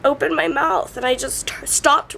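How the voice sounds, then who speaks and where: Tearful young woman, high voice. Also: fairly even intonation, normal speed, creaky, fairly bright tone, slight background noise. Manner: tearful, breaking into sobs; many fillers like "like". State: crying. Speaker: vlogger. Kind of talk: emotional personal vlog.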